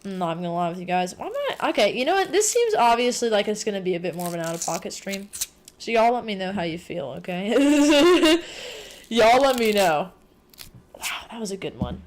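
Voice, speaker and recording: A woman streamer chatting casually to her viewers, rambling, excitable and full of swearing. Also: medium pitch, brisk. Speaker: livestreamer. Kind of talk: casual livestream chat.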